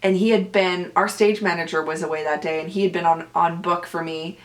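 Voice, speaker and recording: A woman's voice: fairly low pitch, fairly even intonation, fairly quick. A woman with a Canadian accent, a podcast host and stage actress, talking casually and animatedly on her own, self-deprecating and full of fillers. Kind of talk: casual solo chat.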